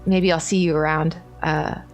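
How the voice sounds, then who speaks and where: A woman's voice: low voice, little pitch movement, normal speed, highs cut off, soft background music, natural voice. A woman voicing a distraught young adventurer woman who halts, repeats herself and swears as she refuses her fate. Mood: sad resolve.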